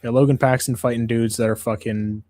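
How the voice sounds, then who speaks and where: A man's voice: mid-range voice, fairly even intonation, a little fast, dark tone, no room sound. A man hosting a casual MMA livestream, ranting in a profane, exasperated way. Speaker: MMA show host.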